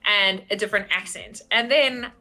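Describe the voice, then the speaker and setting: A woman, a game master guesting on a podcast, talking in an animated, rambling way with frequent "like"s and self-mocking laughs. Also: medium pitch, moderate pace, soft background music. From South Africa. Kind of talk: casual interview chat.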